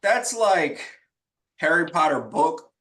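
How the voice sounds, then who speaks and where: A man co-hosting a podcast in casual chat, talking in an animated, hyped and slangy way. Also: fairly high pitch, takes it slowly. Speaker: podcast co-host.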